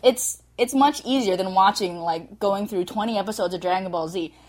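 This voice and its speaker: Lively female co-host, chatty with lots of fillers, home podcast setup. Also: medium pitch, moderate pace. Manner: animated, full of fillers and sound effects. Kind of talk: casual chat. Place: small home recording setup.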